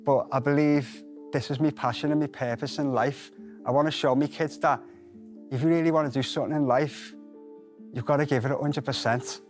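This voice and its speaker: A man speaks with earnest, heartfelt emotion while he pitches his product. His voice sits at an ordinary pitch. Faint music plays under him. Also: fairly even intonation, brisk, darkish tone. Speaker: entrepreneur pitching. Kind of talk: business pitch conversation.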